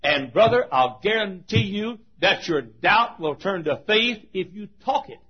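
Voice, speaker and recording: An older man preaching a sermon, telling stories with animated swings between loud proclaiming and hushed asides. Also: high voice, measured pace, husky. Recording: dull lo-fi old recording.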